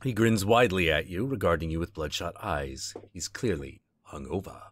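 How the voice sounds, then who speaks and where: A man's voice: low-pitched, moderate pace, dry recording. A male streamer reading game text aloud with casual asides, on a close desk mic.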